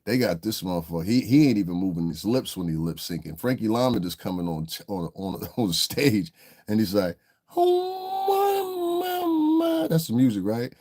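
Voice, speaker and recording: A man's voice: deep voice, a little fast, a little mellow. Casual livestream host: man, laid-back, chuckles, talks to chat.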